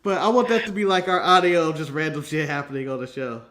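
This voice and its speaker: A man from the United States with a high voice, bantering as a wrestling podcast co-host. He is playful and profane and often laughs mid-sentence. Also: steady tone, quick pace, a bit bright. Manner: playful, swears, laughs through his words. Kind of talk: casual wrestling podcast chat.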